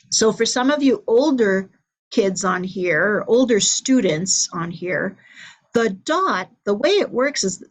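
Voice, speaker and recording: A female music teacher leads an online theory class over a computer mic. She speaks at a slow, unhurried pace, breaking each idea down patiently. Her pitch sits in a middle range, neither high nor low. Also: poor audio. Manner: patient, counts and claps rhythms aloud.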